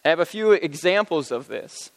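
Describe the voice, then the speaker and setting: A male pastor with a slightly high voice preaches in an easygoing, conversational way, slipping in casual fillers as he talks. His voice rings through a large hall with a long reverb tail. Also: fairly quick. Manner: relaxed conversational retelling with fillers. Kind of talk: sermon.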